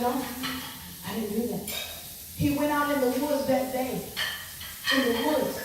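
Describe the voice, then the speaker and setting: A woman telling her testimony to an audience, expressive and repeating her words as she acts out what people said. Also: high-pitched, moderate pace, pauses often. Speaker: speaker giving testimony. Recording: echoey room from far off with noise.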